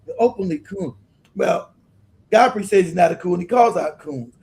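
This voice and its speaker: A man hosting a livestream, delivering emphatic, animated commentary and laughing often as he talks. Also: high-pitched, moderate pace. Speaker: livestream host.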